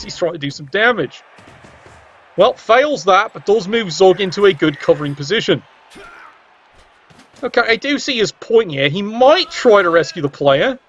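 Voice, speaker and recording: High-voiced man commentating a game. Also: a bit bright. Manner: cheeky, wry asides, swears casually. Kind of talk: playful video game match commentary. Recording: dull lo-fi sound.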